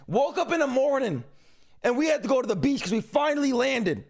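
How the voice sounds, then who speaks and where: A man hosting a live stream, commenting loudly and emphatically, with frequent swearing. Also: very high-pitched, big pitch swings, a little fast, gravelly. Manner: loud, emphatic, swearing, interrupting. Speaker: streamer host.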